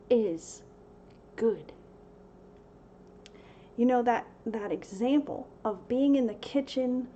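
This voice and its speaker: A woman's voice: on the high side, warm tone, dull audio, slight background noise. A middle-aged woman hosting a casual devotional livestream from home, laughing often and at times tearful. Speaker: livestream host.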